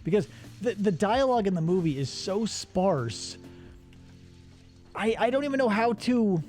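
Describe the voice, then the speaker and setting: A man hosting a casual movie-review show, retelling a plot in an animated, sarcastic way. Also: high voice, measured pace, soft background music. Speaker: radio show host.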